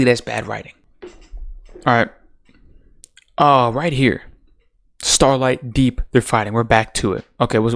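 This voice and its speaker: A man's voice: medium pitch, a bit bright. A man ranting casually about a TV show's finale, profane and exasperated, full of rhetorical questions. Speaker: TV show commentator.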